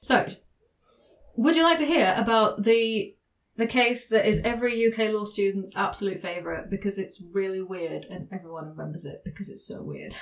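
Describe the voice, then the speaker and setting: A woman's voice: mid-range voice, normal speed. A woman hosting a podcast, chatting casually and laughing often as she explains legal cases. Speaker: podcast host.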